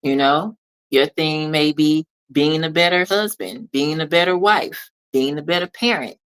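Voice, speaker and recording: In a motivational monologue, a woman playing a consultant addresses the listener directly, emphatic and preachy, repeating phrases for emphasis. Her voice is low, clear and resonant, she speaks unhurriedly, and the recording quality is poor.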